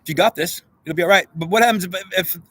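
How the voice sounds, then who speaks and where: A man's voice: high voice, quick pace, fairly bright tone, breathy edge, no echo. A man in an unscripted monologue, rambling in a stream of consciousness and arguing back and forth with himself. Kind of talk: guided visualization.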